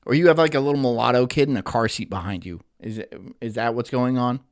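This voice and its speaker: A man's voice: mid-range voice, fast. A man hosting a live stream, giving crude, mocking reaction commentary and laughing at chat. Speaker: streamer host.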